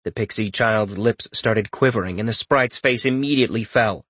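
A male narrator gives an expressive storytelling reading of a fantasy audiobook. He speaks on the low side at a moderate pace, and no room sound is audible.

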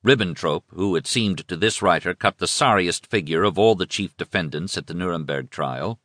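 Bright-toned, low-voiced male narrator. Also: dry recording, clean studio sound. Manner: measured, formal reading. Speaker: audiobook narrator. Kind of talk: scripted history narration.

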